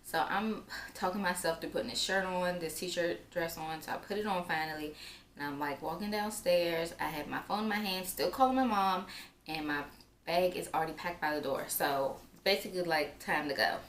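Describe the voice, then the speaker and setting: Speaking at a normal pace in a lowish voice, a young woman vlogger chats casually through a personal story with plenty of filler words. The room echoes noticeably, and there's faint noise in the background.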